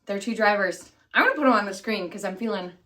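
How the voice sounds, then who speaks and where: A woman vlogger with a medium-pitched, sharp-toned voice talks quickly and animatedly to camera. Her casual chat is scattered and self-deprecating, with many fillers and restarts as she keeps losing her thread.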